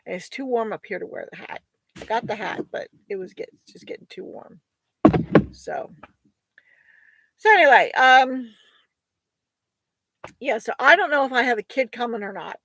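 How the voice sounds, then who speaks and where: A woman's voice: a little high, lively intonation, normal speed, vocal fry, long pauses, fairly bright tone, a little hiss or hum, low-quality recording. A tired woman homesteader talking casually about her goats, rambling and hesitant, with many fillers and restarts. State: tired, sighing. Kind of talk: casual vlog chat.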